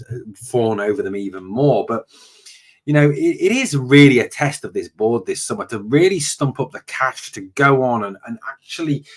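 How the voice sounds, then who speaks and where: A man hosting a football channel and delivering a passionate, repetitive opinion monologue. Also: medium pitch. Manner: passionate, ranting, repetitive emphasis.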